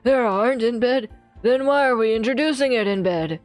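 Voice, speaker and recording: A woman doing a gravelly old man. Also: fairly high pitch, moderate pace, no room sound, soft background music, natural voice. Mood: grumbling. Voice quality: graspy, gravelly put-on voice. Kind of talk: voicing game dialogue aloud on a stream.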